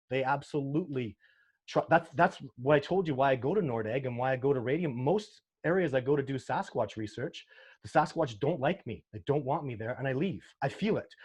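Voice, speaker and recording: A man's voice: mid-range voice, darkish tone, husky. A man speaks with earnest, heartfelt emotion, circling back and restarting as he recounts encounters in the wild. His voice sits in an ordinary middle register. He talks like an interview guest swept up in his own stories. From Canada. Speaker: sasquatch researcher guest. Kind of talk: casual interview talk.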